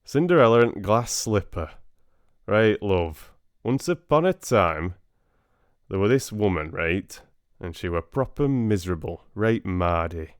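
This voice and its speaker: A man's voice: fairly low pitch, lively intonation, unhurried, clean tone, no room sound, studio quality. A man voicing a brash, cheeky Yorkshire storyteller in a put-on broad Yorkshire accent, rowdy and full of slang. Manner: rowdy, slangy, keeps asking "right?".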